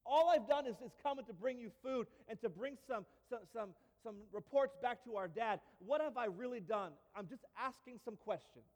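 A man's voice: extremely high pitch, normal speed, hardly any pauses, a little mellow. A man voicing an indignant young shepherd who protests that he has only come to ask questions. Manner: protesting, exasperated. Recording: long hall reverb.

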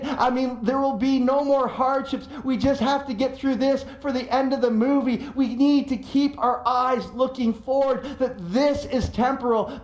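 High-voiced pastor preaching in an echoey room. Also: male voice. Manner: animated, emphatic storytelling. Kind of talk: sermon.

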